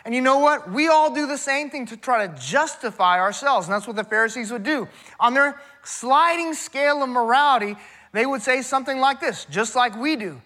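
Casual preacher, bright voice, mid pitch, keeps asking the room questions. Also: lively intonation, moderate pace. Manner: folksy and conversational, addressing the congregation directly; emphatic, rhetorical questions and repetition. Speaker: pastor. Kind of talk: sermon.

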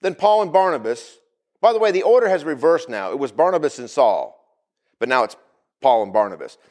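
A man's voice: medium pitch, very animated, fairly quick, darkish tone. A male pastor preaching a sermon, calling out to the congregation for responses.

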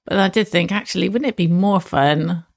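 Halting woman searching for words. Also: lowish voice, vocal fry, dry recording, clean studio sound. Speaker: podcast co-host. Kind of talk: casual chat.

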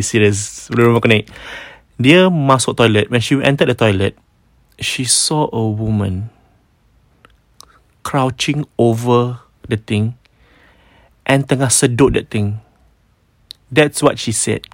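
A man's voice: mid-range voice, measured pace, pauses often, no echo, clean studio sound. A man with a Malaysian accent, a podcast host casually retelling a ghost story and mixing Malay and English.

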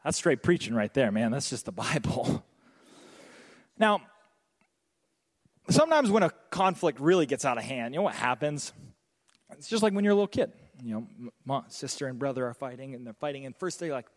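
A young man preaching a sermon as pastor, animated and joking, slipping into quick voiced asides. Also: medium pitch, long reverb tail.

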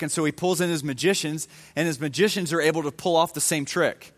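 Higher-voiced man preaching in a reverberant hall. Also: a little fast. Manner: conversational, retells scripture in everyday slang. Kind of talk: casual Bible-story sermon.

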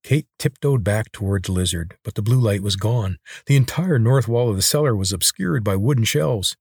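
A husky man with a low voice reads a novel aloud in a steady, measured way. The recording is close and dry, with no room sound. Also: no echo. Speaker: audiobook narrator. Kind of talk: scripted narration of a novel.

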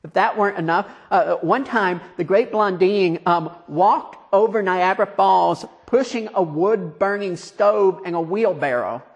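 A man preaching a conversational, storytelling sermon, asking his listeners questions and dropping quiet for emphasis. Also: high-pitched, unhurried, hardly any pauses.

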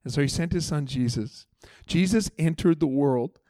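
A man's voice: a little high, moderate pace, mellow, no room sound. A man preaching a church sermon as pastor, earnest and emphatic, with chatty asides to the congregation. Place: church service.

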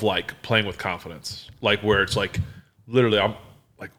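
A man's voice: lowish voice, fairly even intonation, moderate pace, a bit bright. A man hosting a casual sports chat at a bar, telling stories with lots of laughter and filler words. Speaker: podcast host, former quarterback.

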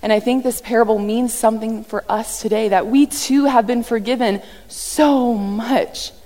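Woman, sermon, lively conversational preaching, slightly high voice, echoing church hall. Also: moderate pace. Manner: animated, conversational, acts out quotes. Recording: long reverb from a large hall.

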